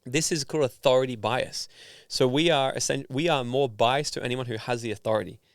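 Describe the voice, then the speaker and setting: A man from Australia, a guest on an interview podcast, telling a story in a casual, animated way and acting out the voices of people in it. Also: medium pitch, a little fast, no room sound, studio quality. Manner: animated, acts out voices in his stories. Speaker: guest, personal development founder.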